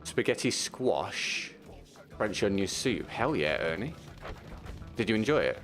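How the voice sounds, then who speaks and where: Low-voiced man streaming a game. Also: sing-song, unhurried, a bit bright, soft background music. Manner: supportive, talks to viewers while gaming, frequent restarts. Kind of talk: casual chat while playing.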